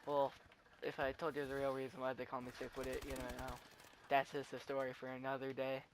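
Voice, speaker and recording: A man's voice: medium pitch, monotone, fairly quick, slight background noise. A teenage boy giving rambling, chatty live commentary over his gameplay. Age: teens. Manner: rambling, chatty, tells stories with restarts. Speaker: gaming commentator.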